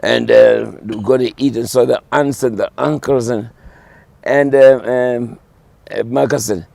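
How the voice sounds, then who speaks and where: Guest, man, 70s, gravelly rambling storyteller, fillers and restarts. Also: medium pitch, unhurried, no echo. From South Africa. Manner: animated, full of fillers and restarts. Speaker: guest musician. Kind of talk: casual storytelling.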